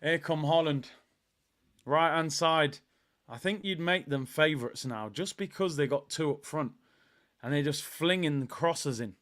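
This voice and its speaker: Man, high voice, live football watchalong host, excitable, chatty reactions. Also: measured pace. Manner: excitable, chatty, reacting to play and chat messages.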